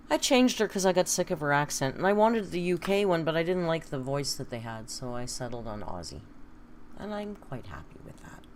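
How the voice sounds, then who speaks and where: A woman's voice: sits low, a little hiss or hum. A woman hosting a casual livestream from home, chatty and wry, reading viewer comments aloud. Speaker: livestream host. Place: home, indoors.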